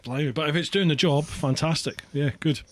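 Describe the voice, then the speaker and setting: A man's voice: on the high side, a little fast. A Scottish man hosting a podcast, chatting casually and laughing often at himself. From Scotland. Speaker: podcast host. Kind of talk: casual chat.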